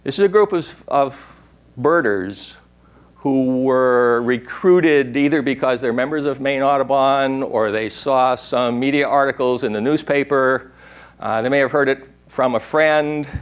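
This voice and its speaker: In a lecture room, an older workshop speaker delivers a conference talk in a mid-range voice at a measured pace. His remarks wander off on tangents, and now and then he mimics an owl's hoot.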